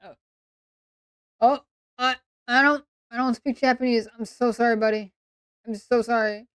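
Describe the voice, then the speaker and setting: Sarcastic English woman streamer, smooth voice. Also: a little high, fairly even intonation, fairly bright tone, no echo, studio quality. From England. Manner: sarcastic and playful, quick asides. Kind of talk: casual role-play stream chat.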